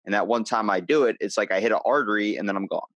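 Low-voiced man rambling through a story. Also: fast talker, a bit bright, no echo, lo-fi sound. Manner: rambling storyteller, restarts and retells plots. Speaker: podcast host. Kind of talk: casual chat.

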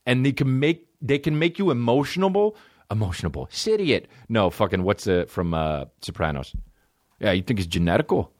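Man, 30s, podcast host, casual rambling chat, profane, very animated pitch, dry close mic. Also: moderate pace, dry recording. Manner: profane, rambling, jumps into high silly voices and laughs.

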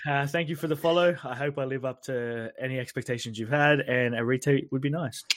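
A man's voice: mid-range voice, fairly even intonation, brisk. A man co-hosting a casual motorsport podcast, defensive and self-mocking. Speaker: podcast co-host. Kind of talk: casual chat.

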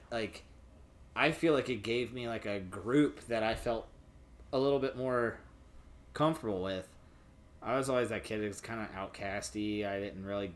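Casual young guy, rambling and profane, easygoing conversational delivery. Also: medium pitch. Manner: loose, profane, rambling storytelling. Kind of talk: casual chat.

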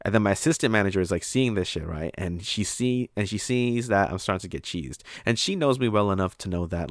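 In a dry, studio-quality recording, a young man with a low voice tells a rambling story about his retail job. He fills it with swearing and fillers and acts out characters in put-on voices.

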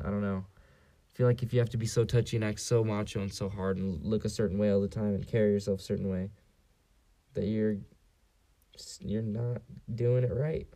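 A man's voice: fairly low pitch, mellow. A young man in his late teens from San Diego, hosting a solo podcast in a casual, rambling and profane way with lots of fillers. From San Diego area, US. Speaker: podcast host.

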